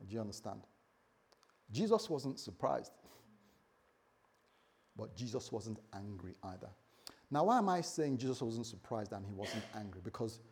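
With a mid-range voice carrying a breathy edge, a male pastor delivers an animated sermon. He moves from loud outbursts to quiet asides and frequently voices other people.

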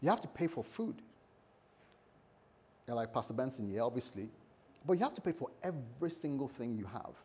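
Speaking a little fast yet with long pauses, a male pastor with a mid-range voice preaches energetically. He acts out the scripture's figures in changing voices, sprinkled with humorous asides.

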